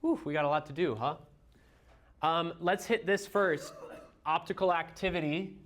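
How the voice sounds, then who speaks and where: A chemistry teacher with a Midwestern American accent reviews material for his class, explaining step by step with everyday analogies and quizzing students. His voice is fairly high, a bit bright, and moderately paced.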